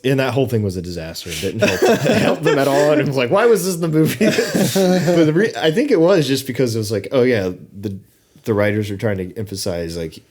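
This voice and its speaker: Young man, casual film chat, swooping lively voice, fillers. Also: mid-range voice, a little fast. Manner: animated, hesitant with fillers, laughs. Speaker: podcast co-host.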